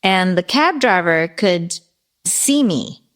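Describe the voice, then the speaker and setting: A middle-aged woman tells a winding story in a podcast interview, stopping to restart and fix her wording. Her voice sits on the lower side for a woman. It comes across as unhurried and conversational. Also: expressive, fairly bright tone. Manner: rambling, self-correcting storyteller. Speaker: guest vocalist.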